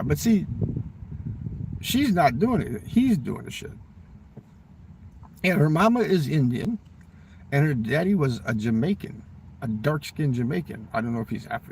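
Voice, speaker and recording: A man with a smoker's rasp, rambling through a profane political rant. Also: on the high side, expressive, normal speed, a little mellow, distant mic, slight background noise. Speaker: vlogger.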